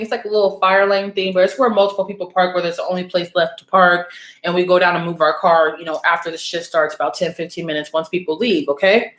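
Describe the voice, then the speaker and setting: A woman's voice: medium pitch, fairly bright tone, roomy sound. A young adult woman telling a story and giving blunt advice in a casual vlog, swearing freely and often asking "okay?". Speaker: oracle card reader and channel host.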